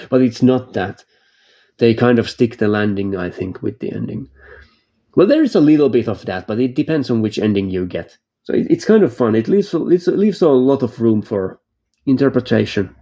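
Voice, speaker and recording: Mellow-voiced man rambling about games. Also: medium pitch, highs cut off. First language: not English. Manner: rambling with frequent restarts, laughs easily. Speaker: game reviewer. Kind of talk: casual spoken game review.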